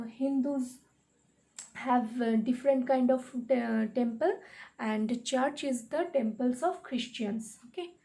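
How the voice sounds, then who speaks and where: A woman teaches a spelling lesson, spelling each word letter by letter. Her voice is fairly high but gravelly, with a dark, mellow tone. She speaks very slowly and patiently. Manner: slow, spells words letter by letter.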